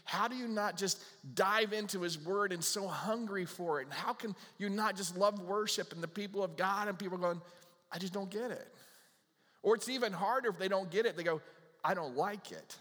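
Animated pastor preaching in a reverberant church. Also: male voice, high voice, a little fast, hardly any pauses. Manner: conversational, animated, acts out little dialogues. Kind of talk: sermon. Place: church sanctuary with a live congregation.

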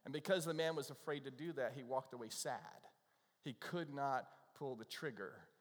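Casual pastor preaching in a reverberant hall. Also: male voice, mid-range voice, moderate pace. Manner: conversational, self-deprecating joke telling. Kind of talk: sermon.

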